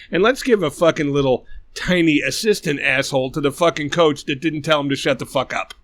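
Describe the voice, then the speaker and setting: A man's voice: fairly high pitch, a little fast, few pauses, a bit bright, no echo. A man with a Midwestern American accent co-hosting a podcast, ranting in casual banter with lots of profanity. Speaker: podcast co-host.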